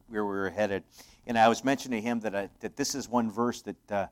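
A male pastor delivering an earnest sermon, rising into loud emphatic passages and dropping to soft, quiet asides. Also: fairly low pitch, fairly even intonation, normal speed, clean tone.

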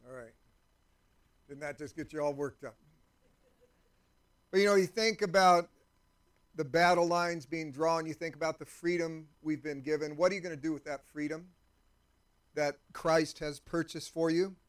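A male pastor giving a sermon with a fairly high voice. He talks conversationally and keeps turning to the congregation with questions. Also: fairly even intonation, normal speed, long pauses.

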